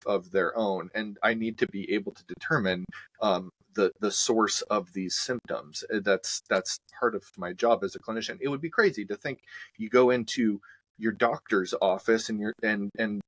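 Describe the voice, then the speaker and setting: Low-voiced man, dry close sound. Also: a bit bright, no room sound. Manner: thoughtful, hesitant, many fillers and restarts. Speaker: clinician and co-host. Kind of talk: conversational discussion.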